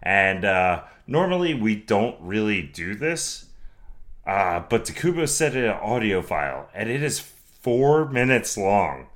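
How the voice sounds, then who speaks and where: A man hosting a podcast, reading listener mail in a relaxed, casual way. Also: on the low side, unhurried. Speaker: podcast host. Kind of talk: casual chat.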